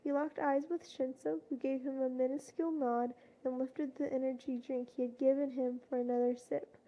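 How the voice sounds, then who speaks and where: A woman reading a fanfiction story aloud in a plain storytelling way, with louder voices for quoted shouts. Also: high voice, steady tone, moderate pace, muffled recording. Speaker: fanfiction reader.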